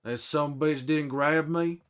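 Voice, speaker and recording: In a fairly high, smooth and steady voice, delivered slowly, a man stays in character as a grizzled middle-aged survivor, protective and quick to anger, while narrating his gameplay. Bitter and remorseful, he swears freely and chides himself.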